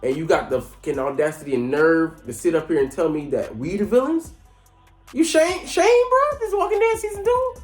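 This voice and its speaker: A man putting on the voice of a furious, indignant teenage boy swordsman, yelling in a high, strained voice. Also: very animated, moderate pace. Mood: outraged. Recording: echoey room, faint music.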